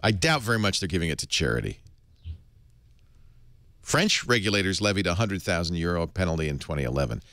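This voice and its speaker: A middle-aged man hosting a tech show, his low voice swinging widely in pitch as he riffs wryly on the news. The sound is dry and close, with no room around it. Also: fairly quick, long pauses, no room sound. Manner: wry, animated, slips into comic voices. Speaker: podcast host. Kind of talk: casual tech news chat.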